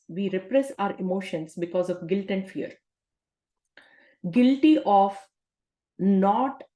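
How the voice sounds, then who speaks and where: A woman coach gives a self-help talk in a conversational, questioning way. Her voice sits at a middle pitch and carries a roomy echo around it. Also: a little mellow. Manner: conversational, asks rhetorical questions, often adds "right?". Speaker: life coach.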